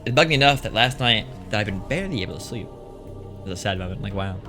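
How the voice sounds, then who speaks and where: Over music, a man streams a visual novel, reading its text aloud and drifting into rambling, joking let's-play commentary with many restarts. His voice is on the low side, fast, and lively in intonation.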